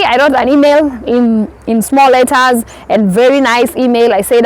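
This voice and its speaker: A woman's voice: fairly high pitch, moderate pace, poor audio. A young woman from Kenya, telling stories in a casual vlog and acting out her own reactions. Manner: lively storytelling, acts out her own reactions. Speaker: vlogger.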